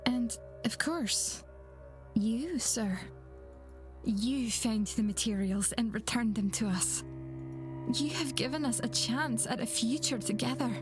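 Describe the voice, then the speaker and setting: An actress playing a gentle woman with second sight in a video game, soft, measured and earnest, over game music. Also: on the high side.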